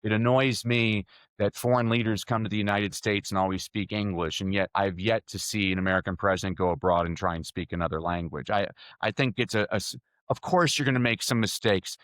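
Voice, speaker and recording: A middle-aged man, a speaking coach, telling stories energetically as a podcast guest, his voice jumping up in pitch. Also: no room sound. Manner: energetic storyteller with sudden jumps in pitch. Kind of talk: podcast interview answers.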